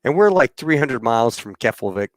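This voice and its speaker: A man's voice: medium pitch, a little fast, dry recording. A man in casual chat recounts a flight, slipping into the voices of crewmates and radio calls as he goes. His voice sits in a middle register. The sound is close and dry. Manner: animated anecdote telling with acted-out radio calls. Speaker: podcast host and former Marine pilot.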